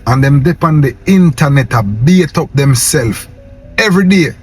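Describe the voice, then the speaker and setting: A man's voice: medium pitch, animated, normal speed, slightly rough. Jamaican Patois man, young adult, impassioned vlog rant, faint music underneath. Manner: impassioned, preachy, repeats "yo" and "man". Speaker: vlogger. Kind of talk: casual rant to camera.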